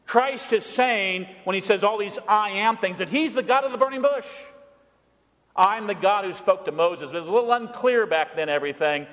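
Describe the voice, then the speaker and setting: A man preaching a sermon in a church, stressing quotations slowly and dropping to a low murmur between them. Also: a bit bright. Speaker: pastor. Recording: long hall reverb.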